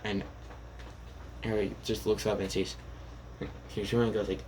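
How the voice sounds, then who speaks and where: A man casually retelling a fan story out loud, rambling with many fillers and self-corrections. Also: fairly low pitch, little pitch movement, normal speed, slight background noise, poor audio.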